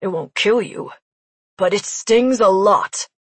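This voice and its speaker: A woman voicing a gruff man who grumbles and warns in an audiobook. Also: medium pitch, slow pace, no room sound. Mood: grumbling. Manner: grumbling, a bit louder.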